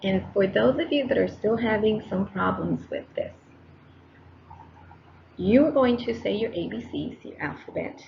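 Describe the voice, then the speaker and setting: Animated and creaky, a woman teacher with a medium-pitched voice speaks at normal speed into a close microphone, addressing her students directly. She encourages them and repeats each step in this recorded lesson narration. The audio has its highs cut off and a little hiss or hum.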